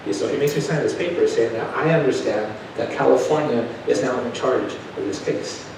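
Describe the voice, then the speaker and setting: A male preacher telling a testimony in an animated storytelling manner, swinging from hushed to loud. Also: fairly quick. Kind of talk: sermon testimony. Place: church. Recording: echoey church from a distant mic with background rumble.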